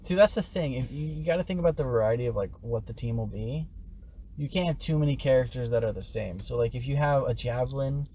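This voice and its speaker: A man's voice: mid-range voice, fast, warm tone, slight background noise. A young man co-hosting a podcast, rambling casually and laughing often. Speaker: podcast co-host. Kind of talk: casual chat.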